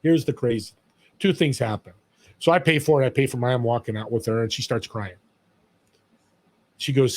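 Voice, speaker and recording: A man's voice: medium pitch, normal speed, long pauses. A man on a podcast as a guest, talking in an emphatic, storytelling way about serving others. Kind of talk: motivational interview talk.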